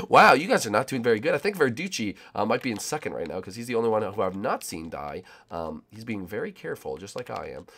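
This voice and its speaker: A young man giving excitable, rambling commentary as he plays a game with friends, often shouting "oh, baby". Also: lowish voice. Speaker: gaming YouTuber. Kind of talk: excited let's-play commentary.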